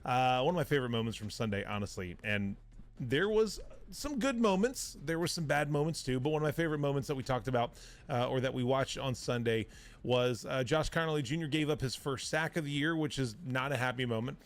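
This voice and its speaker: A man hosting a live sports podcast, talking excitedly and repeating words for emphasis. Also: mid-range voice, a little fast. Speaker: podcast host.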